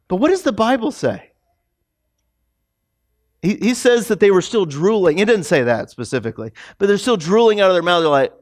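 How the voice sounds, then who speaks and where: A pastor giving a conversational sermon, telling the story in a casual, animated way with many fillers and restarts. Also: male voice, high-pitched, normal speed. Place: church sanctuary.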